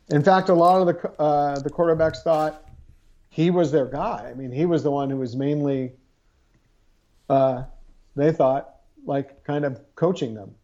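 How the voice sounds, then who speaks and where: A man's voice: fairly high pitch, a little mellow. A man co-hosting a casual sports podcast, talking hesitantly with frequent restarts and careful phrasing. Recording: dull lo-fi recording.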